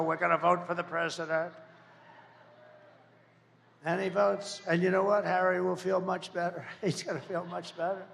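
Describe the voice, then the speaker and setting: Gravelly man giving a rally speech. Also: high-pitched, a bit bright, big-room sound. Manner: rambling, repetitive, jabbing with insults and asides. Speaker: political candidate at a campaign rally. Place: large campaign event venue.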